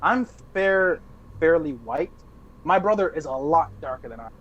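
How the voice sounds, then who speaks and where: A man's voice: on the high side, animated, normal speed, a bit bright, lo-fi sound. A young man, a podcast co-host, telling a rambling party story in casual chat with restarts and laughs.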